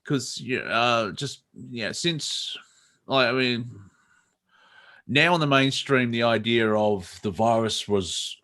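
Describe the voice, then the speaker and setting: A man's voice: on the low side, a bit bright. A middle-aged Australian man co-hosting a casual comedy chat, rambling with many fillers and restarts. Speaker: comedy show co-host.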